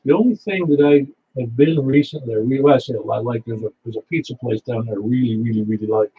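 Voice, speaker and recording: This net control operator from Niagara Falls, New York, is a fast talker with a mid-range voice, and a little hiss or hum sits under the muffled lo-fi radio audio. He keeps the amateur radio net chatty, full of stories and easy laughter.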